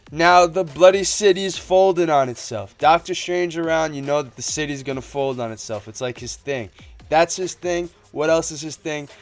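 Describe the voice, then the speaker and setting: An excitable young man talks through a trailer in a loose, rambling way, full of slang and asides. His voice sits a little high. Faint music plays underneath. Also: moderate pace. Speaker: movie trailer breakdown YouTuber. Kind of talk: casual video commentary.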